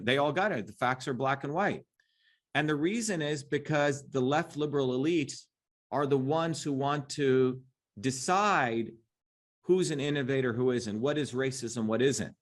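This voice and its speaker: A man's voice: mid-range voice, normal speed. A middle-aged man as an interview guest, talking emphatically and combatively, often tagging on "right?". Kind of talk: impassioned interview talk.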